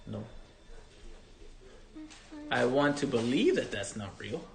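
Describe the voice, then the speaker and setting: Married man co-hosting, playful and jokey, mid-pitch voice, echoey room. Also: takes it slowly, gravelly, background noise. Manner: joking, animated. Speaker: co-host. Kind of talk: casual couple chat. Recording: roomy echo.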